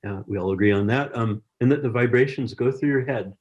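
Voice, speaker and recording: A man's voice: mid-range voice, brisk, darkish tone, dull audio. Male science educator, online workshop host; encouraging, chatty, video-call sound. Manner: encouraging, chatty, reads chat messages aloud. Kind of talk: friendly teaching over a video call.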